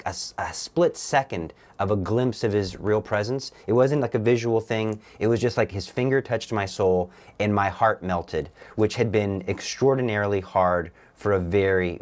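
A young man, a guest on an interview show, telling his personal faith story earnestly, with halting restarts. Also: on the low side.

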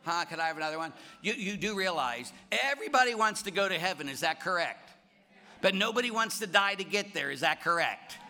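A middle-aged Catholic priest delivers a sermon with a bright, ringing tone. His pitch swoops up and down as he acts out stories. He moves from loud bursts to hushed, low asides. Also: brisk. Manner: animated storytelling with shouted bits and sudden drops to quiet.

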